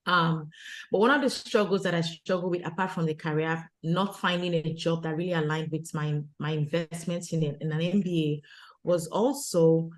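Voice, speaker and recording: Woman guest, earnest storyteller, lowish voice, peppers talk with "you know". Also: fairly even intonation, normal speed. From abroad, immigrant to Canada. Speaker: guest, retreat organizer for women. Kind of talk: conversational interview storytelling.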